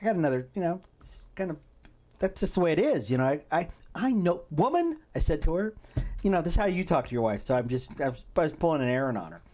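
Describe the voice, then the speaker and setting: A man's voice: on the high side, animated, fast, darkish tone. A middle-aged man hosting a podcast, chatting casually and telling stories with frequent laughs. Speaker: host.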